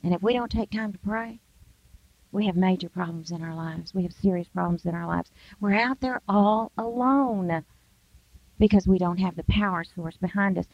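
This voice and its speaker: A woman's voice: on the low side, normal speed, vocal fry, no room sound. An older woman speaker giving an emphatic Christian devotional talk, acting out everyday excuses in quoted voices. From United States. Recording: dull, dry sound.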